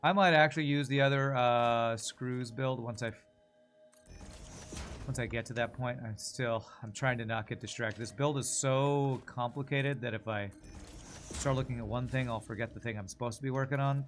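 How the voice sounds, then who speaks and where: A man's voice: medium pitch, steady tone, moderate pace, faint music behind. A young man streaming a game, rambling and talking to himself as he works things out. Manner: rambling, talks to himself while working things out. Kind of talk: casual gameplay commentary.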